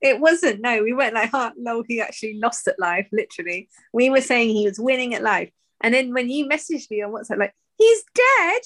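A woman from the UK co-hosting a podcast, telling stories in casual chat with animated asides. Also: on the high side. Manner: animated storyteller, quick asides. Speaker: podcast co-host.

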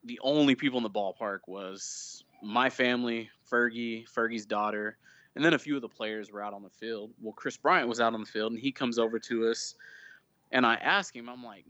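A man telling stories on a casual podcast, with a bright, forceful edge to his voice. He retells conversations with lively quoted lines. The sound is dry and close. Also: mid-range voice, normal speed, dry recording, dull audio. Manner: storytelling, animated retelling of quotes. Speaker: guest, fan club leader.

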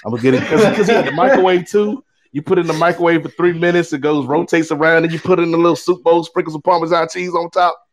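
Male co-host, animated raconteur, fairly high pitch, mimics characters as he tells it. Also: quick pace, few pauses. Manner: lively, acts out quoted voices with big pitch swings. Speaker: guest co-host. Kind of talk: animated storytelling.

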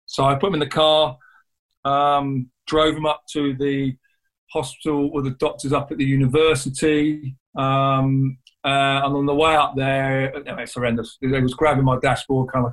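Speaking as a guest, a man relates a painful experience in a rambling, halting way, frequently restarting. His mid-range voice is delivered flatly with a fairly bright tone, over a rough recording.

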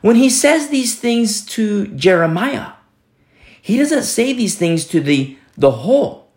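A man delivers a sermon at an unhurried, deliberate pace, his voice sitting slightly high for a man. He drives points home by repeating short phrases and drifts into a casual, storytelling tone with fillers. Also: big pitch swings, darkish tone. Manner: emphatic, repeats phrases for stress. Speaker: preacher.

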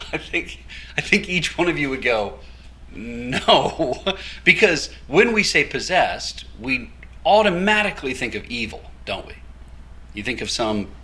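Man preaching a lively, animated sermon. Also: mid-range voice, unhurried, slight background noise. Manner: animated storytelling with quoted dialogue and light laughter. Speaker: guest preacher. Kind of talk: storytelling sermon.

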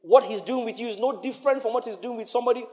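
A male preacher delivering a sermon, emphatic and playful, swinging from loud outbursts to hushed lines. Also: very high-pitched, very fast, background noise. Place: church hall. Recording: long reverb of a large hall.

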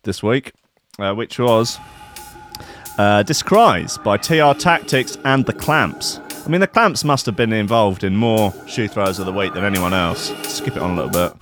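A man's voice: fairly low pitch, animated, normal speed, music in the background. A man hosting a radio show, chatting casually and reading aloud with lots of hesitation. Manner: rambling, hesitant with many fillers.

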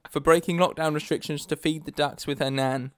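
A man's voice: on the high side, fairly even intonation, fairly quick, a bit bright, clean tone, no echo. A man co-hosting a casual quiz chat, playful and laughing, sometimes tripping over his words. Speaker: podcast co-host. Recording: faint music behind the voices.

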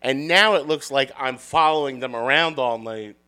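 A man's voice: mid-range voice, moderate pace, sharp tone, clean tone. A man guest on a comedy podcast telling a self-deprecating, profane story, acting out what people said.

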